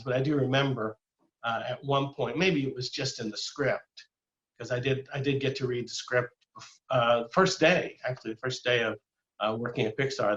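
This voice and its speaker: A man's voice: medium pitch, a bit bright, muffled recording. An older man giving a casual illustrated talk as a guest speaker, rambling with many fillers and restarts. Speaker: guest speaker, former animator.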